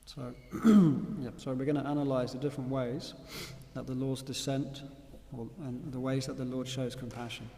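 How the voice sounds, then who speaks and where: A man's voice: medium pitch, steady tone, normal speed, hardly any pauses, warm tone, long reverb tail. A man giving a devotional scripture class, telling stories and putting questions to his listeners. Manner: storytelling, asks the audience questions.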